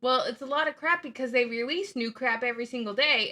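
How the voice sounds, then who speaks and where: Fairly quick and on the high side, this woman's voice belongs to a channel host chatting casually as she reacts to videos. She tells stories with sarcasm and plenty of animation.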